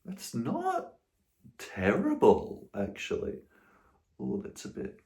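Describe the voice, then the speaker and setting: Young guy vlogging at home, swears a lot, slow drawl, voice swings up and down loads. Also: medium pitch, huge pitch swings, creaky. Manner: swearing, rambling, swinging from hushed to loud. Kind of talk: casual rambling to camera.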